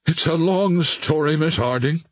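A man's voice: on the high side, unhurried, no echo, voice pushed up. A man reading an audiobook voices a formal, agitated naval captain in a somewhat raised voice. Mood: grave. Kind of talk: audiobook character voice.

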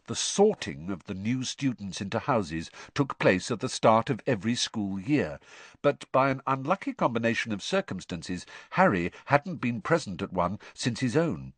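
Expressive low-voiced male storyteller. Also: moderate pace, husky, no echo. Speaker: audiobook narrator. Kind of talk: scripted narration.

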